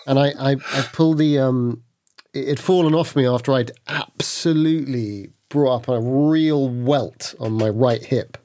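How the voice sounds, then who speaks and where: A man playing a tabletop horror game, describing his character in a halting, stammering first-person way. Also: medium pitch, dark tone. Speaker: player.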